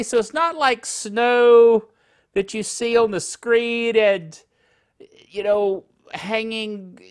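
A middle-aged man with a high voice hosts a casual tech podcast from his living room. He's jokey and rambling, stumbling over his words and laughing at himself.

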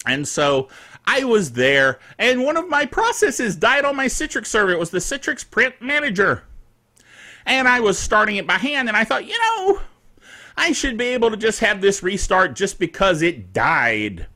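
A middle-aged man hosting a tech show, chatting casually about news and software with playful jokes and frequent laughs. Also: high-pitched, very animated, moderate pace. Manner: playful, laughs often, jokey asides. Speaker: tech podcast host.

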